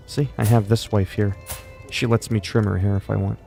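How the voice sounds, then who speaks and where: A man's voice: fairly low pitch, flat delivery, moderate pace, gravelly, mellow. A man casually commenting while streaming a strategy game, brash and profane, slipping into mock-regal lines. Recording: faint game music behind.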